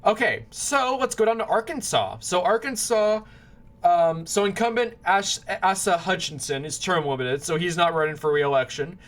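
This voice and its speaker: A man's voice: high voice, animated, normal speed, fairly bright tone. A man giving casual political predictions, rambling, often restarting and apologizing when he stumbles over names. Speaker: political commentator.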